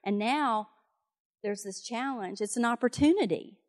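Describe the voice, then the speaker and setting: A woman's voice: on the high side, a little slow. A woman preaching a sermon, retelling a Bible story in a conversational way with fillers and asides.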